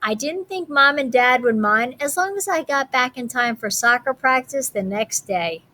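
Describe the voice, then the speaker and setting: High-voiced woman teacher reading aloud. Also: expressive, moderate pace, sharp tone. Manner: friendly, chatty asides to children. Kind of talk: reading a picture book aloud.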